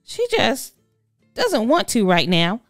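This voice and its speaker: A woman voicing a spiteful, sulky young girl with a shrill, whiny voice in a children's storybook. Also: wildly swooping pitch, slow, dry recording, studio quality, faint music behind, heavily acted.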